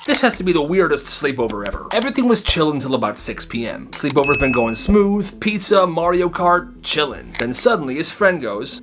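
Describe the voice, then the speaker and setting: A man narrating comedic storytime tales in an animated, conversational way. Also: fairly high pitch, normal speed, hardly any pauses, faint music behind.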